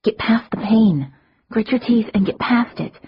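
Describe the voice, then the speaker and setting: A woman's voice: fairly high pitch, lively intonation, unhurried, slightly rough, muffled recording, voice pushed up, exaggerated voice. A woman voicing a young woman urgently coaxing someone through pain, in an audiobook.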